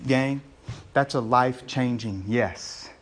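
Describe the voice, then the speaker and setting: A man, a pastor preaching a sermon in a conversational way, calling the congregation "gang" and getting loud and excited as he acts out scenes. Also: mid-range voice, slow pace, a little hiss or hum.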